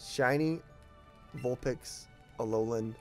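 A man commentating on his gameplay at home, with his children beside him, often bursting into joyful shouts. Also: mid-range voice, takes it slowly, soft background music. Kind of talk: casual let's-play commentary.

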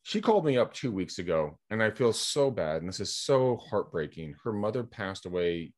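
A middle-aged man from California with a lowish voice, chatting over a video call. He tells rambling, energetic anecdotes and acts out the other people's lines. He speaks as a guest in a relaxed podcast interview. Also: normal speed. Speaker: guest, real estate agent and coach. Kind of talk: casual storytelling in a podcast interview.

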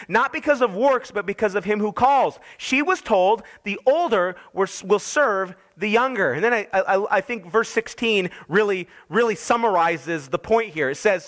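Pastor delivering a sermon, high bright voice, earnest, climbs higher and louder when quoting God. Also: male voice. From United States. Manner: earnest preaching, rising in pitch and force when voicing God's words.

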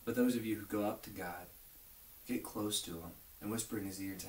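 A man's voice: fairly low pitch, fairly quick. A young man giving an informal, earnest video sermon as a youth pastor, often dropping to near whispers. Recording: echoey room, mic at a distance, faint hiss.

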